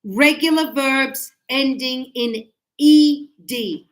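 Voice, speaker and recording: A woman's voice: high voice, slow. A woman teaching an English class, explaining patiently and acting out examples. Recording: echoey classroom.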